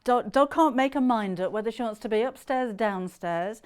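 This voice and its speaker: A middle-aged British woman hosts a live shopping broadcast with a smooth, clear voice pitched a little high. She chats to viewers in a bubbly, rambling way, full of ums and small laughs. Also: normal speed, a little mellow. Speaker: shopping channel presenter. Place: TV studio.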